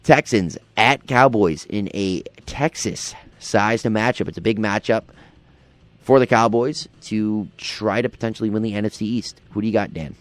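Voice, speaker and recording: A man's voice: fairly low pitch, moderate pace, dry recording. A man hosting a casual football picks show, upbeat and moving the segments along. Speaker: show host. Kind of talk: casual sports picks chat.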